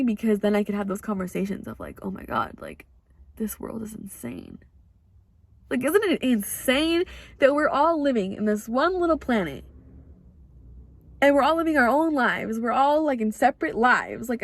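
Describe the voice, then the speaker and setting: A woman's voice: a little high, no echo. Rambling young woman podcaster, dry sound. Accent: American. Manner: rambling, heavy "like" fillers, earnest. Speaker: podcast host. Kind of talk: casual personal storytelling.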